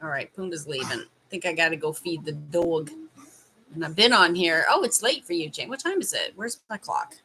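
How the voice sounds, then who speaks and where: A woman's voice: low-pitched, lively intonation, normal speed, pushed and bright, a little hiss or hum. A Canadian woman in her thirties hosting a casual live stream from home, chatting with viewers in a teasing manner and laughing often. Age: 30s.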